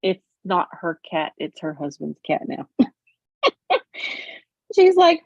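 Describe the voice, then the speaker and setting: Woman, husky voice, casual livestream host, slightly dull dry audio. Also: on the low side, wildly swooping pitch, slow, pauses often, dry recording.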